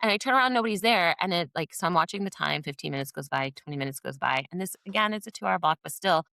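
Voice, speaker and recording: A middle-aged woman with a bright, forceful voice, recorded close and dry. She tells her stories in a lively conversational way and slips into quoted voices as she goes. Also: fairly low pitch, fast talker, vocal fry, no room sound. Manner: animated storyteller who acts out quoted voices. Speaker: podcast guest, former teacher and behavior specialist. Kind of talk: conversational storytelling in a podcast interview.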